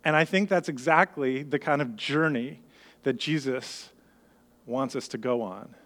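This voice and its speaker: A man's voice: mid-range voice, a little slow, fairly bright tone. A man preaching a sermon in an earnest, conversational way, acting out the worried thoughts of his listeners. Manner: earnest, conversational, acts out worried inner voices. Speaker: pastor.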